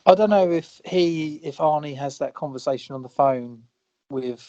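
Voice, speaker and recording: A man's voice: on the high side, normal speed, mellow. A British man co-hosting a podcast, chatting casually about a film, laughing and acting out quoted lines. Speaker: podcast co-host. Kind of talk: casual film review chat. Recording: dull lo-fi sound.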